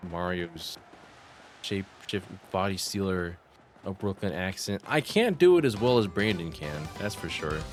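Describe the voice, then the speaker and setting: A man's voice: deep voice, lively intonation, measured pace, soft background music. A man commenting casually while streaming a game, chatty and reacting to chat. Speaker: gaming streamer.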